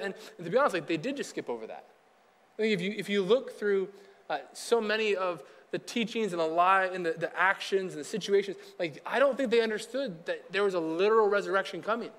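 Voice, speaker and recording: A man preaching a casual sermon, chatty and acting out quick snippets of dialogue. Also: high-pitched, fairly bright tone, long reverb tail. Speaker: pastor.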